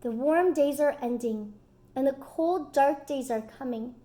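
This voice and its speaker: A woman voicing a kind male butterfly in a storybook reading, speaking softly and earnestly. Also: high voice, a little slow. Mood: tender.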